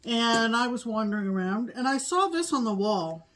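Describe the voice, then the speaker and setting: A woman's voice: a little high, expressive, moderate pace, a bit bright, a little hiss or hum. A woman co-hosting a casual chat, gushing and repeating her praise. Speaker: co-host.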